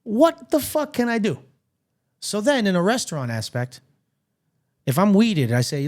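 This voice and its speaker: A man co-hosting a podcast, telling stories in an animated, profane, casual way. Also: sits high, measured pace, long pauses. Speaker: podcast co-host. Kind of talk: casual chat.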